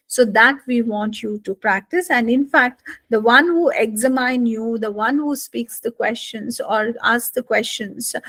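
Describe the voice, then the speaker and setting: A high-pitched woman with an Indian English accent lecturing a live online speaking class. Her voice swings up and down with deliberate expression, and she keeps checking in with the class. The sound is close and dry, with no room around it. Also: dry recording. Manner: lively rising and falling intonation, asks "isn't it?" often. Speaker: IELTS speaking instructor.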